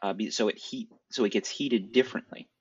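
A man with a low voice, recorded dry and a little muffled on a home setup. He talks through film details in a casual, explanatory way, going on at length about sword styles and old movies. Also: steady tone, brisk, breathy edge, dry recording. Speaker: podcast co-host. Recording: dry, dull lo-fi sound.

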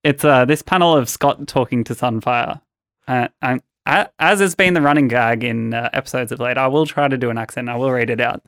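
A man's voice: medium pitch, brisk, a bit bright, dry recording, clean studio sound. A man co-hosting a podcast, chatting casually about comics and laughing often. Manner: chatty, laughs often, reads panels aloud. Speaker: podcast co-host.

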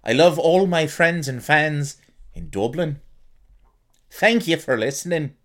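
A man's voice: on the high side, animated, slow pace. A man hosting a podcast, casually reading out listener cities and joking around. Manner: reads out listener cities, jokey, tries silly accents. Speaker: podcast host. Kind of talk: casual solo podcast chat.

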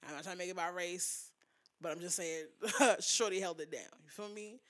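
A woman co-hosting a podcast in casual chat, loud and joking, laughing often. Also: fairly low pitch, a little fast. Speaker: podcast co-host.

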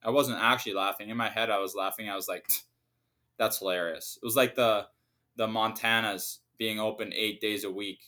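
A man's voice: fairly low pitch, fairly even intonation, moderate pace, sharp tone. A young adult man hosting a casual solo podcast, ranting with heavy profanity and sarcasm. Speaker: podcast host.

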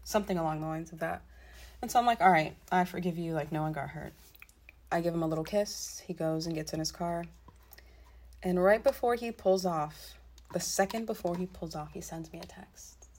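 A woman's voice: fairly low pitch, moderate pace. A young woman casually telling a story from her own life. She swears freely and keeps adding asides as she talks. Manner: blunt and profane, swearing freely; animated retelling with frequent asides. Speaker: storytelling vlogger.

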